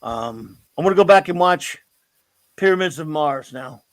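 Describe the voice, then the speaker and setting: A man's voice: fairly high pitch, animated, normal speed, dry recording. A middle-aged man hosting a casual chat, telling a story in an enthusiastic, rambling way. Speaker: host.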